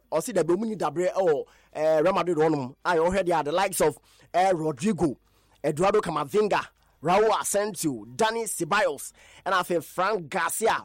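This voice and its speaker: A man with a Ghanaian accent presenting a radio sports news roundup, animated and emphatic, with repeated stresses on his points. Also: sits high, no room sound, clean studio sound.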